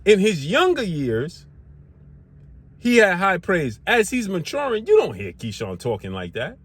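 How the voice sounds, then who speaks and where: A man's voice: high-pitched, huge pitch swings, measured pace, a bit bright, breathy edge. A man hosting a sports channel, firing off rhetorical questions in a heated, slangy boxing commentary rant. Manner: slangy casual speech.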